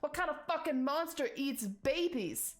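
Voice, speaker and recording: A woman voicing Turetsky, a stern, indignant male thug in a tabletop game, speaking slowly and pointedly. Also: sits high, animated, voice pushed up.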